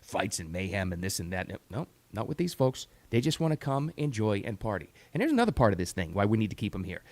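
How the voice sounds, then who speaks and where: A man's voice: on the low side, big pitch swings, quick pace, a little mellow, dry recording. A middle-aged man hosting a talk radio show, giving an emphatic, opinionated monologue that repeats words for stress.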